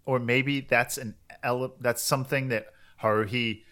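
Bright-voiced man chatting about anime. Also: medium pitch, normal speed. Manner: rambling, animated retelling with quoted voices. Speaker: podcast co-host. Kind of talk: casual chat about anime.

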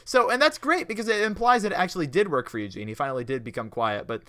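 Bright-voiced male podcast host, laughing. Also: a little high, quick pace, dry recording, studio quality. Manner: laughs often, acts out quotes from episodes. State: tired. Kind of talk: casual podcast review chat.

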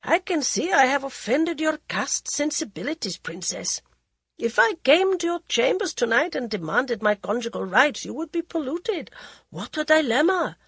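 A woman's voice: sits high, very animated, normal speed, creaky, fairly bright tone, dry recording, pitched above the performer's own voice, full character voice. A woman voicing a mocking, aloof young prince who speaks in a cool, condescending way. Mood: sardonic.

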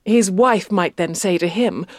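A woman's voice: on the low side, a little slow, dry recording, clean studio sound. A woman on a panel explaining expressions in a good-humoured, explanatory way. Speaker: panel member. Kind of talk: scripted panel discussion.

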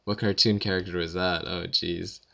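Low gravelly young man, lo-fi. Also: normal speed. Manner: rambling, self-deprecating, deadpan jokes. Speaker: vlogger answering questions. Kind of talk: casual audio Q&A.

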